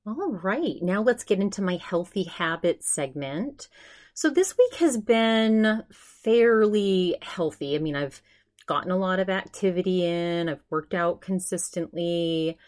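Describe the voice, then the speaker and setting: A young woman hosting a podcast, telling a story in casual chat with animated quoted asides. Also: fairly low pitch, measured pace. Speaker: podcast host.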